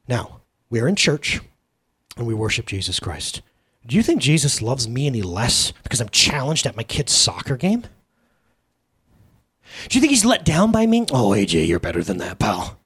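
A man in his thirties preaching a casual, humorous sermon at a church service, telling stories in an animated, jokey way with asides to the congregation. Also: high-pitched. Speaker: pastor.

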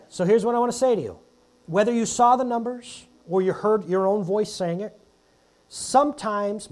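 A man in his thirties delivers a sermon in a relaxed, joking, conversational manner. His pitch swings widely, lifting and dropping for emphasis as he talks to the congregation. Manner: conversational, jokey, animated preaching. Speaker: pastor.

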